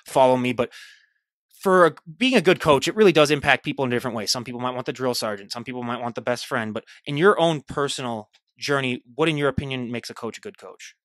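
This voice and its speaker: A man's voice: medium pitch, fast, a bit bright, no room sound, studio quality. A man hosting a podcast who asks his guest long, rambling questions in a casual style. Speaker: podcast host.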